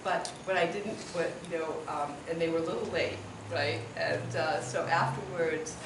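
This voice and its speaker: A speaker at a memorial gathering, halting and full of fillers, thanking someone and sharing a memory. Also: medium pitch, steady tone, gravelly. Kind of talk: personal memorial speech. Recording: roomy hall, far from mic, noisy.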